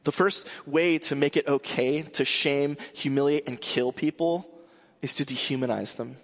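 A man's voice: a little high, moderate pace. Man preaching a casual sermon in a hall. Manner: conversational with frequent restarts and fillers. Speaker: pastor.

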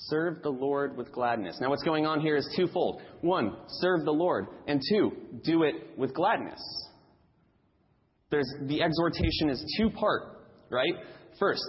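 A man's voice: mid-range voice, in a large hall, highs cut off. A man preaching a sermon in a church, emphatic and repeating key phrases for stress.

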